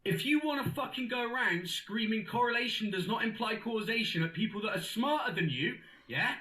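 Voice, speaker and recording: A man's voice: sits high, expressive, fairly quick, voice pushed up. A comedian voicing an abusive, sweary male conspiracy theorist leaving furious voice messages, in an echoey room. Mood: ranting. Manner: abusive, sweary, shouting tirade.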